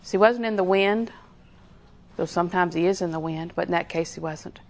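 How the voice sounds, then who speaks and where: A woman's voice: lowish voice, brisk. A middle-aged woman, preaching a sermon in a folksy, storytelling way with lots of repetition.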